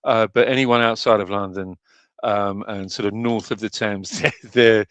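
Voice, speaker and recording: A man's voice: on the low side, fairly even intonation, a little slow, a bit bright, clear, resonant tone, no room sound. A man chatting casually, hesitant, with many fillers and restarts. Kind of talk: casual chat.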